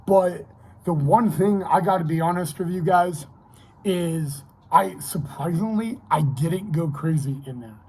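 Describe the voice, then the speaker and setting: A man's voice: a little high, a little slow, darkish tone, slightly rough, poor audio. A young man vlogging casually, telling a long personal story in a rambling way, repeating himself and checking in with "okay".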